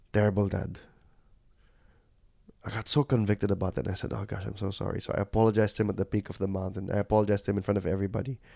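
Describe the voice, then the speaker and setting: A man's voice: medium pitch, darkish tone, dry recording, studio quality. A man giving an earnest, sermon-like leadership talk as a podcast host, telling stories with animation. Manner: switches into Tagalog phrases.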